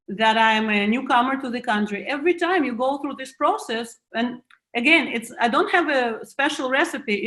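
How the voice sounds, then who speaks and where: A woman's voice: on the high side, fairly bright tone. A woman in her forties with a Russian accent, speaking as a guest author in a reflective conversation and searching for words with frequent restarts. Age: 40s. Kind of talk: video call conversation.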